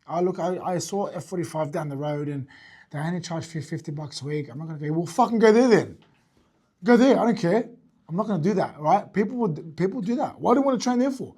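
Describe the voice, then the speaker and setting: A man teaching sales to a group, talking fast and blunt with a slightly husky voice pitched a little high. He swears casually and keeps checking in with his listeners. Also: a little mellow. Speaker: fitness business owner and sales coach. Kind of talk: teaching talk to an audience.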